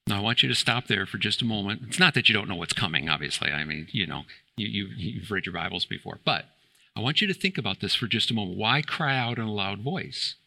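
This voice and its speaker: A man's voice: on the low side, expressive, fast talker, vocal fry, pushed and bright. A man preaching a sermon in church, emphatic and fond of rhetorical questions, building to exclamations. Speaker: pastor.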